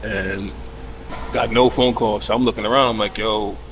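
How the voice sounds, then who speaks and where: A man's voice: on the low side, normal speed, slight background noise. A man in his thirties, a podcast guest telling a casual story and acting out the people in it, cursing freely. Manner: animated retelling with quoted voices, casual cursing.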